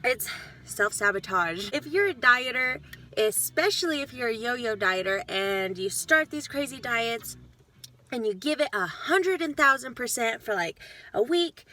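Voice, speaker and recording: A woman's voice: fairly high pitch, animated, measured pace, pushed and bright. A woman talking casually to her viewers, blunt and frank, swearing freely and getting fired up as she lectures them. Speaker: vlogger. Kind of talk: casual talk to camera.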